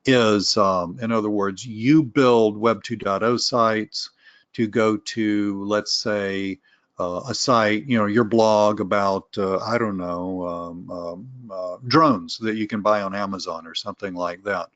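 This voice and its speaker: Rambling low-voiced webinar host, man. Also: fairly even intonation, unhurried, fairly bright tone, no room sound, muffled recording. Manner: rambling, full of restarts and fillers; candid, self-aware asides. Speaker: webinar host answering viewer questions. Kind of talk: casual live Q and A webinar.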